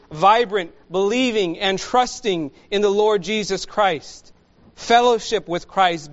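A man preaching a sermon to his congregation, slow and measured, with emphatic pauses. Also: high-pitched, highs cut off. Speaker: pastor.

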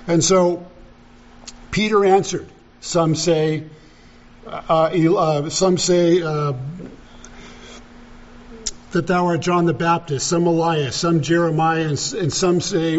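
Slow, emphatic male preacher. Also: on the high side, muffled recording. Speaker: pastor. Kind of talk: sermon.

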